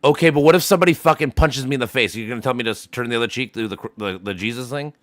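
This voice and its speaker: A man's voice: mid-range voice, very fast, a bit bright, dry recording. A man streaming a casual voice chat, arguing heatedly, swearing often and repeating himself as he presses his point.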